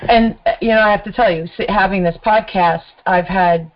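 A woman from New Jersey with a New Jersey accent, hosting a podcast interview in a casual, high-energy way. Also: moderate pace, dull audio, a little hiss or hum. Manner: energetic, talks with her hands. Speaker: podcast host.

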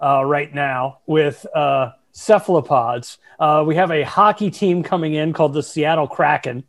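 A man hosting a casual podcast interview, halting, with many fillers and restarts. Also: a little high, vocal fry. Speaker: podcast host.

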